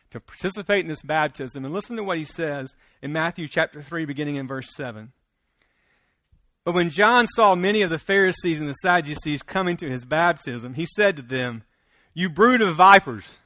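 A man's voice: a little high, expressive, normal speed, a bit bright, no room sound. A man preaching a sermon in a conversational way, with restarts and questions to the congregation. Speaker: pastor.

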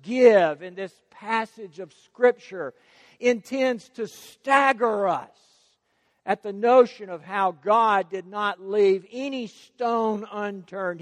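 Slow, high-voiced preacher in a hall. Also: male voice. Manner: emphatic, repeats key words for stress. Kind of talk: sermon.

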